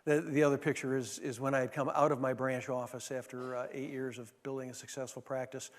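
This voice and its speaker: A man's voice: mid-range voice, little pitch movement, brisk. A man giving an anecdotal leadership talk, telling stories with many fillers and restarts. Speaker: former managing partner giving a talk. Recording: long hall reverb.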